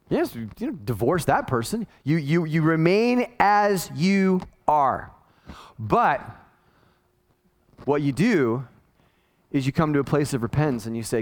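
A man's voice: fairly high pitch, big pitch swings, unhurried, long pauses. A man in his forties, a pastor, preaching a conversational sermon that is full of restarts and acted-out quotes.

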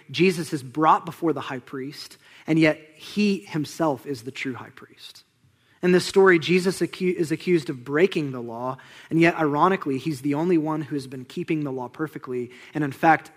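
Animated young man preaching a sermon. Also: on the high side. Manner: animated, conversational preaching with dramatic drops to a hush. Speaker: pastor.

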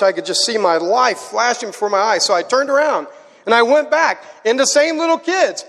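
A man preaching to a live audience, telling a story with animated energy and getting the crowd to join in. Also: extremely high pitch, brisk, vocal fry. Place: large hall. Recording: hall with long reverb.

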